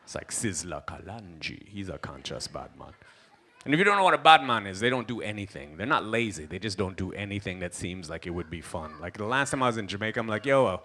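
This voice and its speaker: A man's voice: lowish voice, big pitch swings, fast talker, bright, forceful tone, a little hiss or hum. A young man performing a stand-up comedy set, telling stories animatedly with lots of asides.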